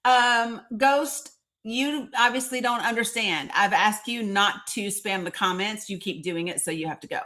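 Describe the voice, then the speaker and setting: A woman's voice: medium pitch, measured pace, bright, forceful tone. A woman with a Northeast Tennessee accent hosting a live stream, chatting emphatically and calling out commenters by name. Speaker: livestream host.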